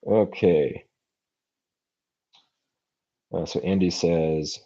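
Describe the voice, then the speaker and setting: A very deep-voiced American man chats through viewer questions on his livestream, thinking aloud with plenty of ums and restarts. His voice is dark and a little husky. The stream audio sounds dull and muffled. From United States. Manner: thoughtful, halting, many fillers and restarts. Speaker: language-learning channel host. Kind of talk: livestream Q&A chat. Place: home, streaming live. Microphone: computer mic for a livestream.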